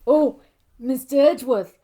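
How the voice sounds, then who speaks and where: A woman voicing an earnest young male ex-agent with an attempted Cockney accent and a hesitant, halting manner. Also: high-pitched, dark tone, slight background noise. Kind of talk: let's play voice acting.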